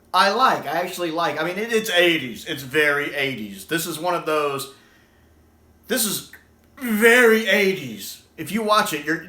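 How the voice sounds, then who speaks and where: Man reviewing a video, bright voice, lively pitch, laughs a lot, echoey room. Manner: laughs often between remarks; chatty, repeats himself, self-corrects. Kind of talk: casual spoken review.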